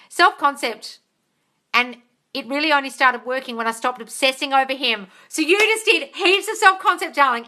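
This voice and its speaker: Bubbly, high, bright-voiced woman. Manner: bubbly, squealing, laughs often; reads out comments and answers them. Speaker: manifestation coach. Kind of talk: live-stream Q&A.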